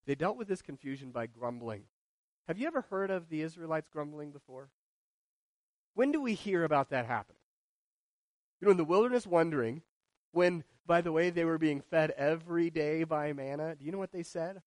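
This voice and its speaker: A man preaching a sermon, moving between loud and hushed delivery and asking the congregation questions. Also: fairly high pitch, animated, a little fast, no echo. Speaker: pastor.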